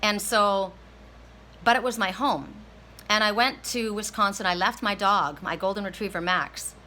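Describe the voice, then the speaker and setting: A woman's voice: medium pitch, moderate pace, sharp tone, a little hiss or hum, low-quality recording. A woman tarot reader telling a personal story, emotional and near tears, often repeating herself and restarting her sentences.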